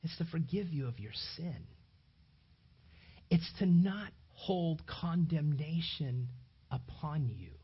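A pastor preaching a sermon to a congregation in a church, emphatic and animated, speaking straight to the listeners. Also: mid-range voice, takes it slowly, pauses often, breathy edge, muffled recording.

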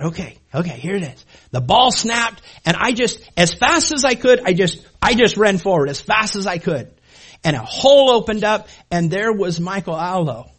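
A middle-aged man telling a story about his high school football days to an audience, animated and laughing as he acts out his past self. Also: slightly rough.

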